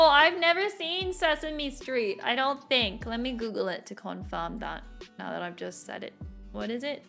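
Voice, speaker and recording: A woman's voice: mid-range voice, gravelly, a bit bright. A woman streamer chatting casually while she draws, rambling and laughing often. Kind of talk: casual chat while drawing. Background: faint background music.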